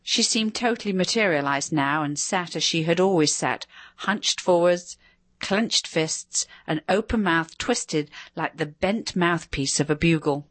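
A woman reading a story aloud with a dramatic, expressive delivery. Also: on the low side, unhurried, dry recording.

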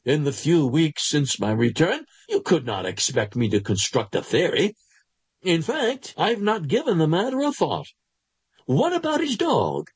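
A man voicing a nervous, evasive gentleman patient, speaking in defensive, high-strung protests with a husky voice. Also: very animated, measured pace, no echo, heavily acted.

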